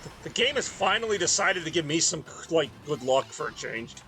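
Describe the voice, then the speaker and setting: A man's voice: a little high, sing-song, brisk, bright, forceful tone, soft background music. A man from the Northeast US, tired and rambling in casual chat while streaming a racing game. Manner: rambling, self-deprecating, mumbly asides.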